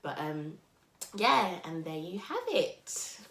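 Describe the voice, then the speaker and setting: A woman's voice: low-pitched, takes it slowly, noisy background. A young woman, casually telling a story on a podcast, acting out quotes and laughing. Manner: animated, acts out quotes loudly and laughs. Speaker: podcast co-host. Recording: roomy echo.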